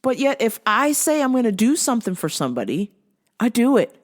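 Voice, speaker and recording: A woman hosting her own show, ranting in a casual, animated and exasperated way, swearing freely. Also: a little high, fairly quick. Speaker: show host.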